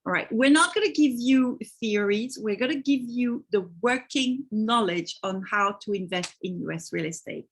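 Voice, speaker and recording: A woman's voice: mid-range voice, normal speed, hardly any pauses, slightly rough. A woman from France with a French accent, hosting a live online webinar over a video call and greeting attendees by name. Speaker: webinar host.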